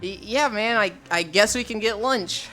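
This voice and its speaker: A woman streamer chatting casually with her live chat, teasing viewers and telling animated stories. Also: mid-range voice, normal speed, soft background music. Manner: animated storytelling with laughter.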